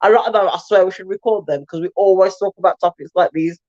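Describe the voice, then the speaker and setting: A woman's voice: mid-range voice, quick pace, dark tone, dull audio. A woman co-hosting a casual live stream chat, talking chattily with her mouth full as she eats. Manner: chatty, talks while eating with mouth full. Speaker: co-host.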